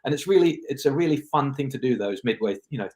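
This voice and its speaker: A man's voice: medium pitch, expressive, fast, darkish tone. A man speaking as a film director guest in a casual interview, reflective and rambling, often restarting his sentences.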